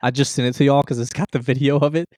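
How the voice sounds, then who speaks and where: A man co-hosting a sports podcast, talking in an animated way with rhetorical questions. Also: mid-range voice, racing, dry recording, clean studio sound. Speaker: podcast co-host. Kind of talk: casual sports chat.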